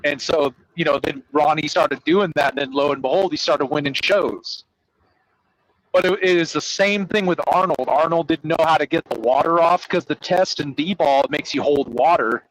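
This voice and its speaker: A man hosting a casual podcast chat, talking in an animated, rambling, profane way. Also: on the high side, moderate pace, rough recording. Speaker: host.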